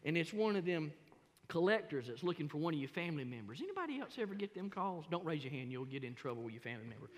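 A middle-aged man, preaching a sermon as pastor in a folksy, animated, self-mocking storytelling way. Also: on the high side, quick pace. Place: large church sanctuary. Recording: long hall reverb in a church.

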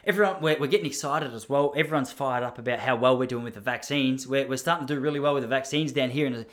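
A man's voice: mid-range voice, quick pace, a bit bright. An Australian man in his thirties, telling a casual story in a rambling, self-deprecating way with many asides. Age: 30s.

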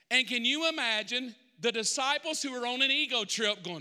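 Preacher guy, high bright voice, acting out the story, echoey church. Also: moderate pace, hardly any pauses, clean tone. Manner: animated, acts out Bible characters. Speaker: pastor. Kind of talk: sermon. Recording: reverberant church hall.

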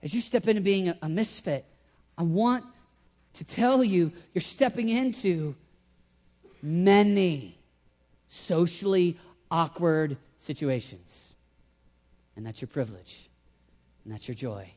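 A man preaching a sermon as pastor, talking in an animated way and swinging from loud emphasis to quiet intensity. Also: fairly high pitch, slow, long pauses. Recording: long hall reverb.

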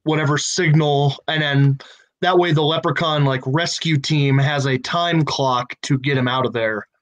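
Dude pitching plot ideas step by step, thinking aloud, bit of a higher voice. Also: male voice, normal speed, a bit bright, poor audio. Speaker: writer in a story brainstorm. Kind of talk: casual creative brainstorming.

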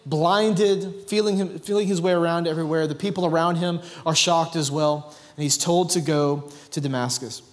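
A man preaching a sermon as pastor, relaxed and conversational, reading scripture between filler words. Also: fairly high pitch. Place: church sanctuary. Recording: long reverb of a large hall.

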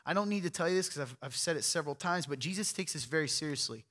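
A man's voice: fairly high pitch, lively intonation, quick pace, a bit bright. A man preaching a sermon to a church crowd, talking in a direct, pointed, conversational way. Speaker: pastor.

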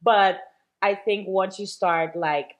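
A woman's voice: medium pitch, steady tone, takes it slowly. A woman guest in a casual interview, a shop owner talking chattily with many fillers and easy laughs.

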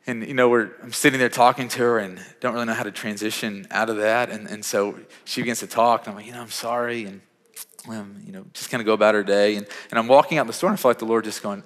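A man's voice: lowish voice, a bit bright. A man, a pastor preaching a sermon in a conversational way, often repeating words as he starts a phrase and building to emphatic peaks. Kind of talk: sermon with personal story. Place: church sanctuary. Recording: long hall reverb in church.

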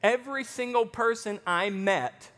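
A pastor from Arkansas with a light Southern accent, preaching a sermon in a conversational way with joking asides. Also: male voice, very high-pitched, a little slow, fairly bright tone, in a large hall.

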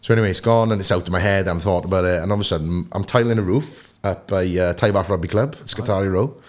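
A young man with a Welsh accent and a lowish voice, spinning stories on a podcast. He talks in a lively, animated way, slipping into the voices of people he quotes. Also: fast talker. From Wales. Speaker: guest actor. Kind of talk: casual podcast storytelling.

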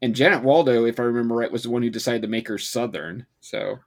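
A man co-hosting a podcast, talking casually in a chatty, halting way with frequent laughs. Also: medium pitch. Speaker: podcast co-host.

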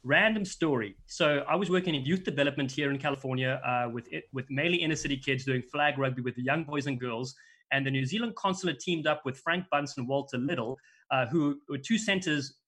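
A man's voice: medium pitch, fairly quick. A middle-aged man from Africa, a rugby commentator telling stories in casual chat with lots of restarts. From South Africa. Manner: animated storyteller with many restarts.

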